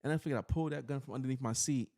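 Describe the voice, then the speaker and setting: A podcast host from New York City tells his own story in a loose, rambling way. His mid-pitched voice has a gravelly, creaky edge. He sounds earnest and keeps filling gaps with "you know.". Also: very fast, a little mellow. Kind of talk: personal storytelling in casual chat.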